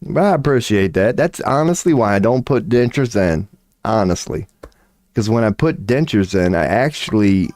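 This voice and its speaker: Man, toothless, low voice, dry close mic, casual stream rant, profane. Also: darkish tone, dry recording. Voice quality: toothless, slightly lisping when mouth is dry. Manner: loose and profane, laughing at himself. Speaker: streamer giving tarot readings. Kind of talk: casual livestream rant to chat.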